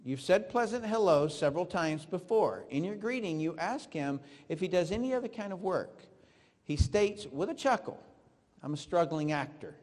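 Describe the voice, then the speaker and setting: A male trainer with a high voice leads a live seminar, quizzing and coaching his audience through drills. His voice rings through a hall with a long reverb. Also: expressive, moderate pace, a little mellow. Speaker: network marketing trainer. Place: large room with an audience.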